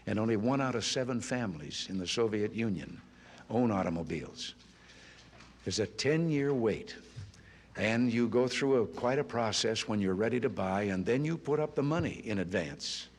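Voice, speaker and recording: Chuckling low-voiced male storyteller. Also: moderate pace. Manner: chuckling storyteller, relaxed folksy delivery. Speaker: politician telling jokes. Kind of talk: anecdotal speech.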